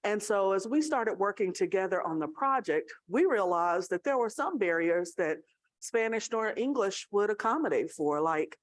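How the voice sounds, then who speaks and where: A woman's voice: medium pitch, expressive, normal speed. Southern American woman telling a story. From Tennessee, USA. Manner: conversational storytelling, checks in with the audience. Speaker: college student affairs leader. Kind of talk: speech at a staff awards gathering.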